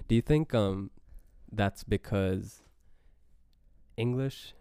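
A man's voice: on the low side, takes it slowly, warm tone, clean tone, no echo, clean studio sound. A young man from India, chatting casually and thoughtfully, laughing often. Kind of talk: casual chat.

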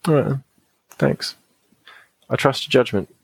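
Reading a gamebook aloud as a podcast host, a British man banters playfully with guests, moving between relaxed chat and narration. His voice is medium-pitched, gravelly, slightly rough, and a bit slow, captured in a dry recording.

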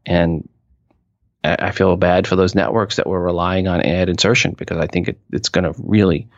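A man talking as an expert guest in an interview, explaining with emphatic asides and quick restarts. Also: sits low, fairly even intonation, no room sound, highs cut off. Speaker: podcast industry expert guest. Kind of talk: conversational interview answers.

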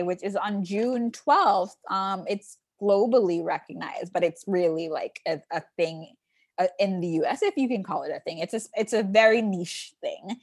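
With a medium-pitched voice, this podcast co-host, a young woman, animatedly relates a casual story and performs the lines of those she quotes. The studio-quality audio has no audible room sound.

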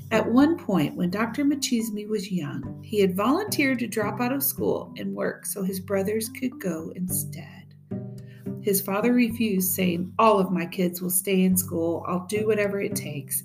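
A woman teacher reads a memoir aloud at an even, measured pace, her pitch in an ordinary middle range. Soft plucked guitar music plays beneath her voice throughout. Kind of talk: audiobook reading of a memoir.

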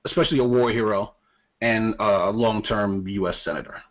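His voice is fairly low and his pace normal. This podcast co-host chats casually about current events, blunt and foul-mouthed, frequently stammering when he starts a sentence over, all captured in muffled lo-fi sound.

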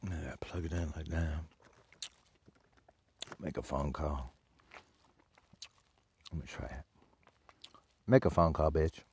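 A man's voice: very deep voice, steady tone, slow, long pauses, a little mellow, a little hiss or hum. A man from Detroit hosting a crude, rambling solo radio show, cursing and mock-insulting his listeners as he talks. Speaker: radio host.

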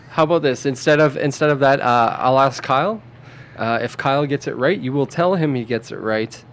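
A man's voice: mid-range voice, moderate pace. A man hosting a casual podcast chat, quizzing his friends on slang words and laughing often. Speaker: podcast host.

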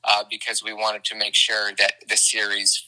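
A man from Canada talks about his books in loose, excited conversation. His voice is very bright and forward, and he keeps restarting sentences through a stream of fillers. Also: lowish voice, moderate pace, low-quality recording. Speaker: children's book author. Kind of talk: casual conversation.

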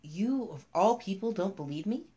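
A woman voicing a weary young man who pleads tensely at a police front desk, in a low voice. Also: lively intonation, measured pace, darkish tone. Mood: strained.

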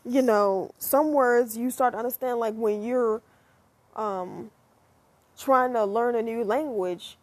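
A high-pitched young woman from the United States talks straight to camera in a loose, chatty monologue. Her voice is airy and a little husky, and she drifts between musing and animated asides, with the odd swear word. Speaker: vlogger.

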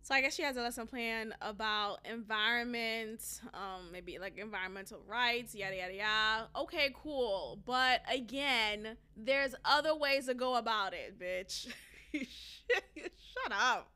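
A woman's voice: a little high, measured pace, hardly any pauses, pushed and bright, clear, resonant tone. A woman hosting a podcast and talking bluntly, profanely and with frequent laughter in casual opinionated commentary. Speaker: podcast host; former teacher.

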